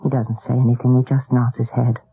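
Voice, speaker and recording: An actress playing a brisk, matter-of-fact woman in a 1970s radio drama, with a husky, low voice. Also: level tone, heavily acted. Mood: grave. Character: brisk, practical woman of the household. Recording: lo-fi old radio broadcast.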